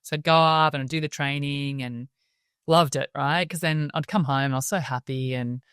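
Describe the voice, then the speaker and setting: An Australian woman, a guest in an interview, telling her story in a lively way and acting out the voices of people she quotes. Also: deep voice, normal speed, smooth, dry recording, clean studio sound. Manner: lively storyteller who acts out quoted voices and laughs often. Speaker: interview guest, wellbeing speaker.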